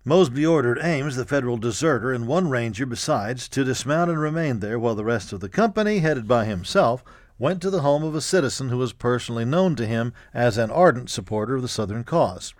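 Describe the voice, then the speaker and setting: A man reading a history audiobook in a measured, even storytelling manner. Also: medium pitch, no room sound, studio quality. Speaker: narrator. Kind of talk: scripted audiobook narration.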